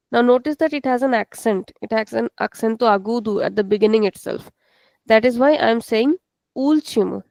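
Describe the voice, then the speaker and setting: Woman, online teacher, patient, repeats words, gravelly, dry sound. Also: fairly high pitch, darkish tone, no echo. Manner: patient, explains slowly and repeats words for students. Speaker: Portuguese teacher. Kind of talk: live online class teaching.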